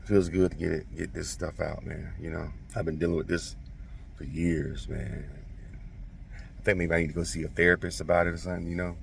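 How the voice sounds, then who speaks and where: A man casually telling a childhood story to his viewers, animated, profane and self-mocking. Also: low voice, brisk, vocal fry, far from the mic, a little hiss or hum.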